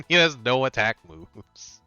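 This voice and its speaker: Bright-voiced man streaming a game. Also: mid-range voice, lively intonation, smooth, dull audio, soft background music. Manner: chatty, laughs often, quick reactions. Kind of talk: casual gaming commentary.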